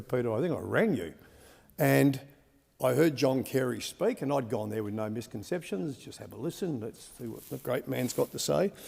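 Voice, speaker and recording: An Australian senator giving a rambling, folksy farewell speech in parliament, calling the listener "mate" again and again. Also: male voice, medium pitch, vocal fry, mellow. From Western Australia. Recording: reverberant parliamentary chamber.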